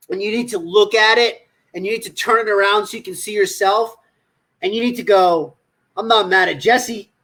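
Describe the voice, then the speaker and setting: A man's voice: high voice, pushed and bright. A man hosting a livestream, coaching in a blunt, profane, scolding manner. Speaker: nutrition coach.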